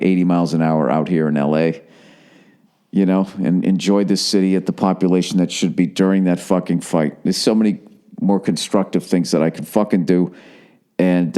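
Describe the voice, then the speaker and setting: A man in his forties hosts a podcast alone at home in Los Angeles, his fairly low, darkish voice delivering profane, sarcastic rants. He lampoons people by putting on voices.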